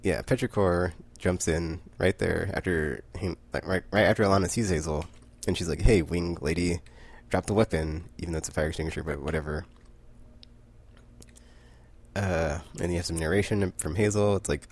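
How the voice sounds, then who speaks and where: A man's voice: low voice, moderate pace. A man casually recapping a comic book issue, rambling with many fillers and frequent laughter.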